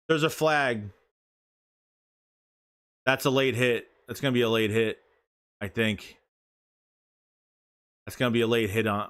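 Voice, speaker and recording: A man calling a football game live as a fan streamer, cursing freely and getting worked up over bad plays. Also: fairly high pitch. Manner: profane, excitable, yells at bad plays. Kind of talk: live fan reaction play-by-play.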